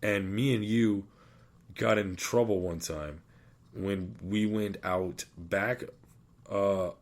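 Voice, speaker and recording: Low-voiced man telling profane stories. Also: steady tone, slow pace. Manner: rambling, profane storytelling. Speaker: podcast host. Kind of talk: casual chat. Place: podcast studio.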